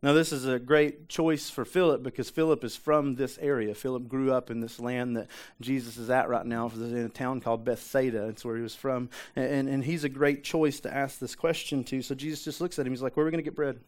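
A man's voice: medium pitch, fairly even intonation, a little fast, hardly any pauses. Male pastor, casual conversational sermon, repeats for emphasis, fires off rhetorical questions.

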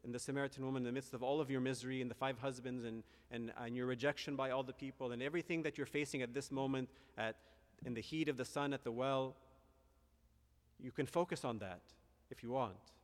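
Man, priest, earnest reflective sermon, mid-pitched voice, long hall reverb. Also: fairly even intonation, fast. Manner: earnest, reflective preaching with restarts and asides.

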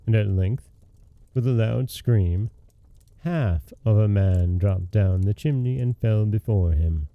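A man hosting a podcast, calmly reading a fairy tale aloud in a measured way. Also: lowish voice, no echo, narrow, tinny audio. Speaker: podcast host and storyteller. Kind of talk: scripted storybook narration.

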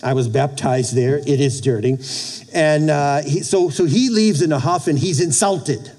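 A male preacher with a mellow, warm voice pitched a little high tells a story from the pulpit. He speaks haltingly, repeats words and plays out the characters' lines himself. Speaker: pastor. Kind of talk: sermon.

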